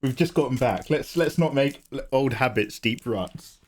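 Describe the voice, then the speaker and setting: A man chats with his stream audience while he draws, joking and greeting people by name. His voice is a little hoarse from a cough. He sits at a middle pitch and keeps a loose, casual flow. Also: moderate pace. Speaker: art streamer. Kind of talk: casual live-stream chat.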